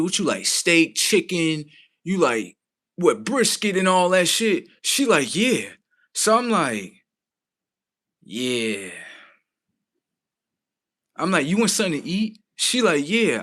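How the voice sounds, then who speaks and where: A man with rants to his stream. His pitch swings up and down and his tone is bright. He talks casually, incredulous, and swears freely. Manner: animated, incredulous, swears freely, quotes others in his own voice. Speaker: livestream host. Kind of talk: casual storytelling rant.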